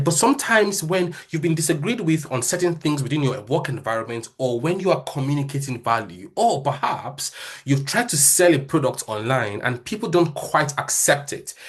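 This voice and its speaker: A man with a Nigerian accent, a Yoruba first language and a slight stutter, giving a motivational talk at a church and sometimes rushing his words. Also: mid-range voice, slightly rough. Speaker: speaker at a church session.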